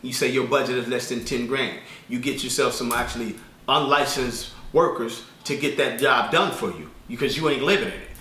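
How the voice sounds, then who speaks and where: A man teaching an informal spoken lesson as a business credit instructor, talking fast and colloquially, rambling with restarts. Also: medium pitch, bright, forceful tone, a little hiss or hum. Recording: echoey room, distant mic.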